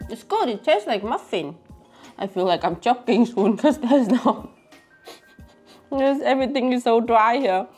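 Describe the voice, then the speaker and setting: A young Vietnamese woman vlogs as she tastes food, chatting casually and giggling. Her mid-range voice has a darkish tone, and her phrasing is non-native.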